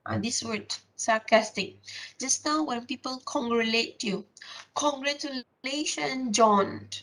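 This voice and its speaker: A woman giving a classroom lecture, explaining step by step with many filler pauses and restarts. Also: a little high, a bit bright, rough recording.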